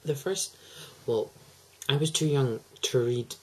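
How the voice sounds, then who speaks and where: A man's voice: medium pitch, takes it slowly, slightly rough, poor audio. A teenage boy, chatting to camera in a hyper, gushing, rambling way. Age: teens. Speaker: vlogger. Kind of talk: casual chat to camera.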